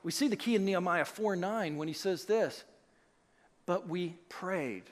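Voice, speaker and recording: A man preaching a sermon as pastor, animated and emphatic, acting out the voices he quotes. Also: high-pitched, fairly quick. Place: church sanctuary. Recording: long hall reverb.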